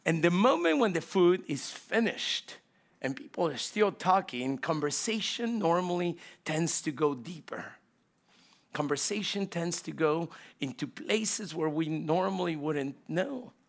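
A middle-aged man preaching a sermon as pastor, telling stories with loud bursts and hushed asides. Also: on the high side, expressive, a little slow, creaky.

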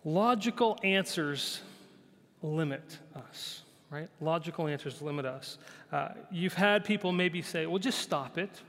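A male pastor preaching a conversational sermon. He repeats phrases, often asks "right?", and sometimes drops to a soft, quiet voice. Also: fairly high pitch, a little slow. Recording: long hall reverb.

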